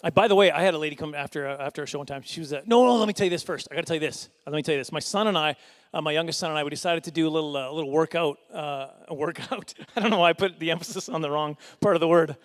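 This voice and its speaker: Speaking a little high, a middle-aged man performs a stand-up set for a fundraising dinner crowd. The delivery is rambling and self-deprecating, peppered with quick asides and chuckles.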